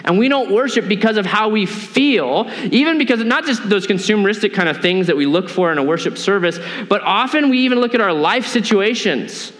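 Animated high-voiced male preacher in a hall. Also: fairly quick, few pauses. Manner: conversational, animated preaching with acted asides. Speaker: pastor. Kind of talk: sermon.

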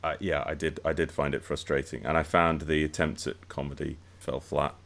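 A man's voice: rumbling low, little pitch movement, normal speed, fairly bright tone. A man in a casual podcast chat, giving dry, blunt criticism. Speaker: podcast panelist.

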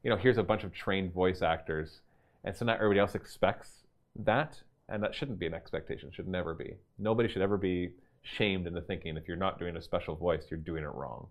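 A man hosting a casual stream, answering viewer questions in an animated, chatty way and laughing easily. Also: deep voice, a little fast. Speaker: host and game master of a gaming store stream.

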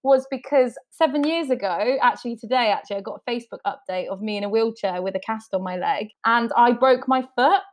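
A woman in her thirties, a podcast host, telling a story in a lively, laughing way. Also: on the high side, a little fast, few pauses. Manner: animated, laughs often, acts out quotes. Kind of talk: casual storytelling chat.

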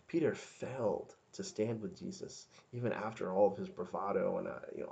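A man's voice: low voice, a little fast, vocal fry, few pauses, dark tone. A man giving an informal devotional talk, earnest and conversational, often stopping and restarting his sentences. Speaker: podcast devotional speaker.

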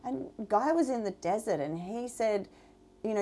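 A woman's voice: on the high side, animated, moderate pace, mellow. Chatty Australian woman. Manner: chatty, explains with many fillers. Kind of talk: casual chat.

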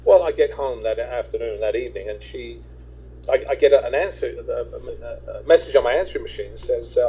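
A man's voice: medium pitch, fairly quick, warm tone, slightly rough, highs cut off. A man from England, a guest in a casual interview, telling his story in a rambling way with many restarts and quoted dialogue.

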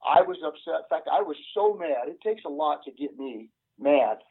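An older man, a retired police sergeant, telling a story in an interview in an earnest, halting way with many "uh" fillers. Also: fairly high pitch, expressive, breathy edge. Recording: tinny phone line.

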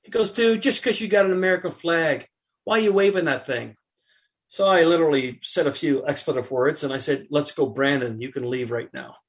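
A middle-aged man talks casually on a podcast, his voice sitting a bit high for a man. He tells his anecdote with energy and acts out each character's lines as he goes. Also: a little fast. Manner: animated anecdote telling with acted-out quotes. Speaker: podcast guest. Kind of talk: casual chat, storytelling.

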